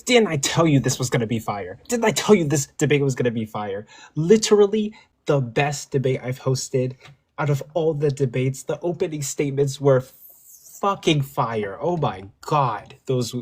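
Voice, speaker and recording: A man hosting an online debate, gushing with excitement and swearing freely. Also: medium pitch, moderate pace, husky. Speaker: debate host.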